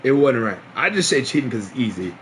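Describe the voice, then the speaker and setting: A man's voice: mid-range voice, very animated, fast talker, a little hiss or hum. A young man streaming, telling a long story in a casual, rambling way, full of slang, swearing and repeated phrases.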